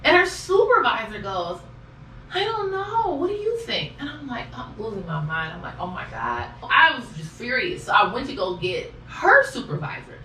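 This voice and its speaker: A woman poll challenger telling a story in an animated way and acting out what others said, recorded in an echoey room from a distance. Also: fairly high pitch, moderate pace, a little hiss or hum. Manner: exasperated, acts out quoted voices.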